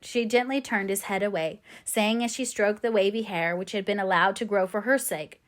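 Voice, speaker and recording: A woman reading a classic novel aloud as an audiobook narrator, in a clear, measured storytelling manner. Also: mid-range voice, steady tone.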